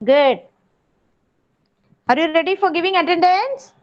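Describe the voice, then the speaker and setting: High, slow sing-song Indian teacher. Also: female voice, lively intonation. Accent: Indian English. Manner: slow, sing-song coaxing of small children. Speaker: nursery teacher. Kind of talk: online nursery class. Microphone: video call. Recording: dull lo-fi video call audio.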